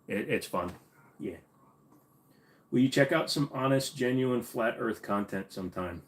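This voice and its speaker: A man's voice: mid-range voice, a little slow, long pauses, a little hiss or hum. A man with a Minnesotan accent hosting a casual livestream Q&A, blunt and opinionated. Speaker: host.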